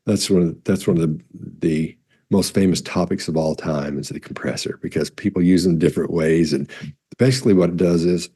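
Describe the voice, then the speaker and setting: A man's voice: sits low, husky. A man answering viewer questions in a casual, rambling way, often correcting himself mid-sentence, recorded on a compressed studio mic. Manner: rambling, self-correcting, demonstrates loud and soft speech. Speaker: body language expert answering viewer questions. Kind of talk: casual explanatory talk.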